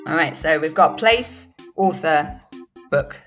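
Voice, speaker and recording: A woman's voice: low voice, lively intonation, slow pace, fairly bright tone, faint music behind. A woman, a guest author, running a book quiz in casual podcast chat, upbeat and laughing often. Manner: upbeat, frequent laughs, apologetic asides.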